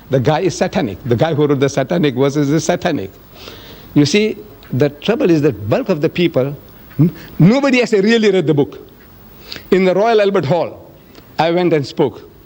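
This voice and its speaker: A man's voice: fairly high pitch, a little mellow. An older man from South Africa giving a public lecture and taking audience questions, telling stories animatedly and acting out quoted exchanges. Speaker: public speaker.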